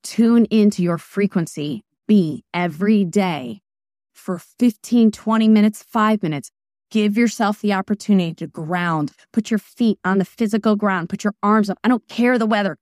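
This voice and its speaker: Animated woman with a dry, close sound. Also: medium pitch, normal speed, dry recording. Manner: emphatic and animated, jumping between asides. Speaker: guest, wellness practitioner. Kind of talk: casual interview talk.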